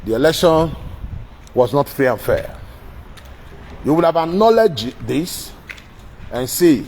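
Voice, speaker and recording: A man's voice: a little high, big pitch swings, slow, pauses often, a little mellow, slight background noise, rough recording. Blunt Nigerian man lecturing the president. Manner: blunt, repetitive, addressing the president directly. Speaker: political commentator. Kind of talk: direct-address political monologue.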